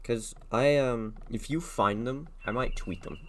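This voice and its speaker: A man's voice: medium pitch, unhurried, a little hiss or hum. A young man from Texas, a streamer chatting casually and asking joking interview questions while he plays a game. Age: young adult. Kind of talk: casual chat while gaming.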